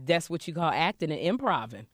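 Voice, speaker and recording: A woman co-hosting a casual talk show, telling stories with lively acted-out voices. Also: low voice, fairly quick, a little hiss or hum. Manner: animated storyteller, acts out quoted voices. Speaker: co-host. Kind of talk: casual chat.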